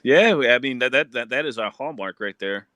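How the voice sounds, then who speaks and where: A man's voice: medium pitch, lively intonation, brisk, pushed and bright, no room sound. A man co-hosting a casual stream chat, loose and laughing, swearing casually. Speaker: co-host.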